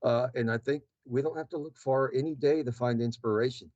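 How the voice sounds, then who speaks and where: A man, a health system chief giving an interview, speaking earnestly with halting restarts and repeated words. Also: medium pitch, a little mellow, dry recording, lo-fi sound. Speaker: guest, health system CEO. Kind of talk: conversational interview.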